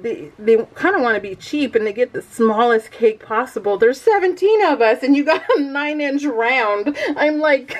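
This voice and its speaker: A woman's voice: high-pitched, expressive, normal speed, hardly any pauses, low-quality recording. Chatty, laughing middle-aged woman. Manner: chatty, rambling, laughs often. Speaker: scrapbooking vlogger. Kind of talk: casual chat while crafting.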